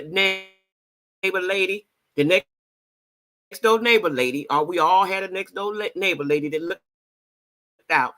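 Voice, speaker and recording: Middle-aged woman, casual vlog talk to camera, bright and forceful, emphatic and repetitive. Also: deep voice. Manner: emphatic, repeats phrases for emphasis, talks straight to viewers. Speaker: vlogger.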